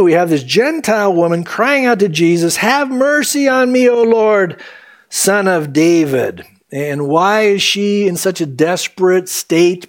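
A man preaching a sermon as pastor, animated and acting out the voices he quotes. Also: a little high.

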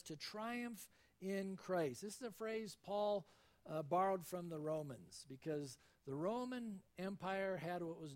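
A man with a notably high-pitched voice delivers a sermon. He reads scripture aloud and tells stories dramatically, his tone shifting expressively. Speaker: pastor.

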